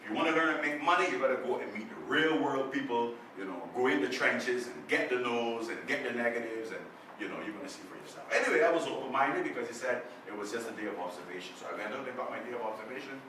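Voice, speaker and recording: A man's voice: medium pitch, quick pace, hardly any pauses. A man giving a motivational talk to a club, telling a story and acting out the voices in it. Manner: animated storyteller, acts out quoted voices. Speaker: guest speaker. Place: club meeting room. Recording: echoey room, distant mic, faint noise.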